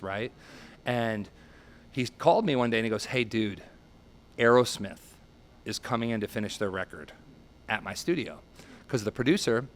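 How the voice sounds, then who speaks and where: A man in his thirties casually telling stories in an interview, animated and often quoting others in acted voices. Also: fairly low pitch. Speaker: guest musician.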